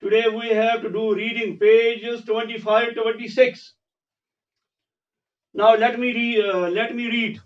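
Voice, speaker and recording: Man, classroom teacher, reads and explains, repeats phrases, high voice, distant lo-fi recording. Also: level tone, a little slow. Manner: reads lines aloud then explains them plainly, repeating phrases. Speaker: English teacher. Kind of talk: classroom lecture reading and explaining a text. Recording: dull lo-fi sound, voice off the mic.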